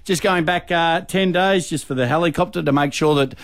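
Chatty man on breakfast radio. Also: fairly high pitch. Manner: chatty, filler-heavy, quick bursts. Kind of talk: casual radio announcing. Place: radio studio.

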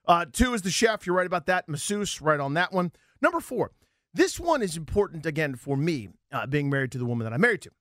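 Man, lively swooping pitch, slightly higher voice, dry sound, comic rant. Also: quick pace, dry recording. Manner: lively, comic rants with repeated punchlines. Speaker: podcast co-host. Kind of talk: casual sports chat.

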